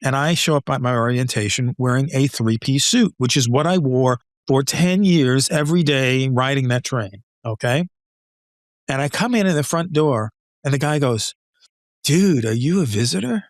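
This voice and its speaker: An older man, a retired engineer, tells stories as a guest on a podcast, his mid-range voice moving at a moderate pace. The studio-quality audio has no echo. He's an animated storyteller in a conversational vein, acting out other people's dialogue and laughing often.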